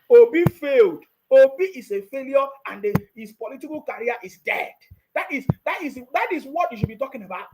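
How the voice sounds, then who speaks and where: A man with a Nigerian accent giving scolding, mocking political commentary on his YouTube channel, laughing often. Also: very high voice.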